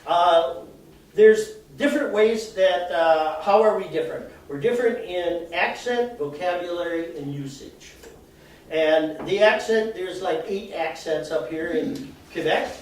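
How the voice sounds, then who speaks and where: A man's voice: high voice, a little slow. A man from Minnesota giving a chatty live talk to an audience, explaining with examples and laughing at himself. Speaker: presenter. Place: arts center event room, indoors. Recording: echoey hall, voice from far off, faint noise.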